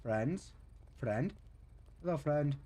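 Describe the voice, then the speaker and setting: Male streamer, casual gaming chat, mellow and rambling. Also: on the high side, expressive, drawn-out words. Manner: rambling, thinking aloud.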